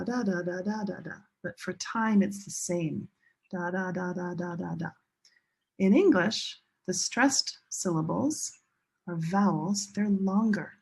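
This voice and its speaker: Slow, husky-voiced woman teaching pronunciation. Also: medium pitch, darkish tone. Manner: slow, deliberate, demonstrates stress with exaggerated syllables. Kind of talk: classroom teaching.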